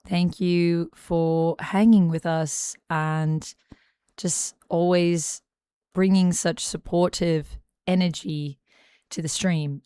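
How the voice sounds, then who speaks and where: A young woman streams and chats with viewers, working hard at an Australian accent as she thanks them one by one. She talks at an unhurried pace, her voice smooth and resonant. The sound is dry and close. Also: lowish voice, no echo. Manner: attempting a put-on Australian accent; warm, earnest thanks to viewers. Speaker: live streamer. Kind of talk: casual live-stream chat.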